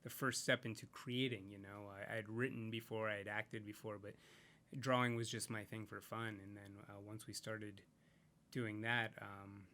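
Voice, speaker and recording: A man's voice: on the low side, flat delivery, normal speed, sharp tone. A man talking casually as a podcast guest, rambling and reflective, with many fillers and restarts. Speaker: podcast guest, comics creator. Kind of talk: casual interview chat.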